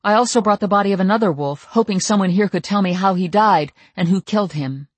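Narrator doing the heroine: raised, brisk young woman's voice, dry close read. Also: medium pitch, dry recording, pitched above the performer's own voice, natural voice. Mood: urgent. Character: young shapeshifter woman, brisk and plain-spoken.

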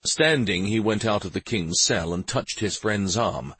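A man narrating a fantasy story as an audiobook in a slow, expressive way. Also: lowish voice, breathy edge, no room sound.

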